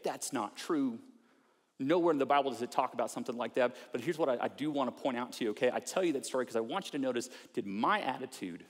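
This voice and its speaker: A man's voice: medium pitch, quick pace, big-room sound. A man preaching a sermon as a pastor, speaking earnestly and conversationally and acting out heartfelt prayers. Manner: earnest, conversational preaching with acted-out prayers and mock self-talk. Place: large church auditorium.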